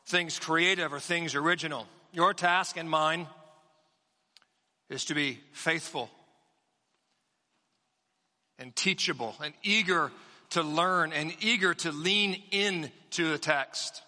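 A pastor in his forties delivering a sermon in measured, emphatic phrases, with repetition for weight. He speaks from a church sanctuary. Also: fairly high pitch, sharp tone, long reverb tail.

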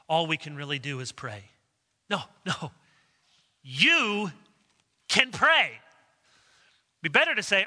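Male pastor, fairly high voice, earnest and emphatic sermon delivery, echoing hall. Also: sharp tone. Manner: earnest, emphatic, voice rises when quoting prayer. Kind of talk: expository sermon.

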